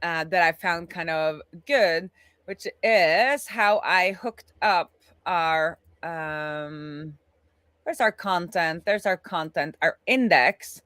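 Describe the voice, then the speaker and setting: A woman's voice: on the low side, slow, a bit bright, smooth, dry recording. A woman co-hosting a live coding stream, talking casually and thinking aloud with frequent restarts. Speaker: co-host, web developer.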